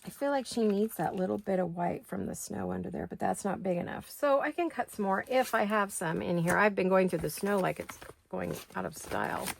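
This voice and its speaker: Gravelly-voiced woman chatting while crafting. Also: medium pitch, sing-song, fairly quick. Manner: chatty, thinking aloud while working. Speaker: craft video host. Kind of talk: casual craft-along chat.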